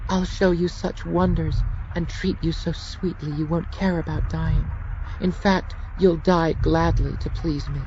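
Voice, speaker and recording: A man's voice: on the high side, steady tone, unhurried, a little mellow, lo-fi sound, slight background noise, voice pushed up. A man voicing a seductive, treacherous demon woman in an audiobook, speaking in a sugary, coaxing tone. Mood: sweet, menacing. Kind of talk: audiobook character voice.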